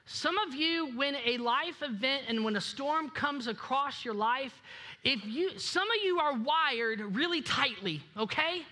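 A pastor preaching a sermon in a lively way, acting out quoted voices and dropping low and quiet for emphasis. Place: church sanctuary.

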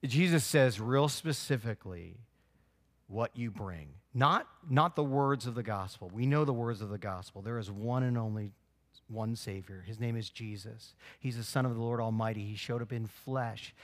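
Male pastor, mid-pitched, preaching with animated storytelling, loud bursts and quiet earnest turns. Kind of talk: sermon.

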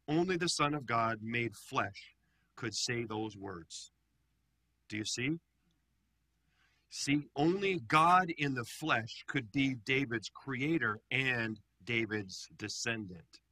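A man, a pastor leading a Bible study, teaching in a lively, animated way and often putting questions to his group. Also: mid-range voice, husky, dry recording.

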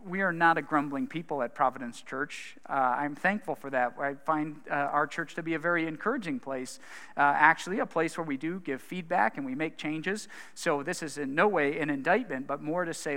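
A man preaching in a church in a bright, forceful voice that sits a bit high. He speaks earnestly and conversationally, asking rhetorical questions, and his voice rings out with long reverb in the hall. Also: a little fast. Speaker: pastor. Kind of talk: sermon.

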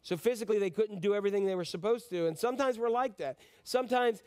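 Male pastor, high voice, chatty and joking Christmas sermon, keeps asking the congregation questions. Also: fast, a little mellow. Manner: conversational and joking, asks the audience questions.

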